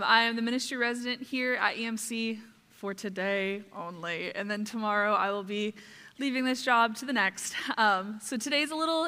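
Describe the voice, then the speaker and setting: A young woman, a ministry resident, speaking to her congregation with halting, emotional gratitude, close to tears. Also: on the high side, bright, forceful tone. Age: young adult. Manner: tearful, halting, grateful. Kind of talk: church address and prayer. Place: church sanctuary. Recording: long hall reverb.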